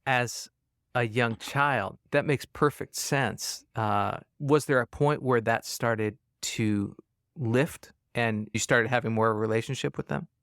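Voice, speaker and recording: A man's voice: medium pitch, measured pace, a bit bright, no room sound, studio quality. A man hosting an interview, attentive and reacting with short laughs and comments. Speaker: host, interviewer. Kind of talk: casual interview.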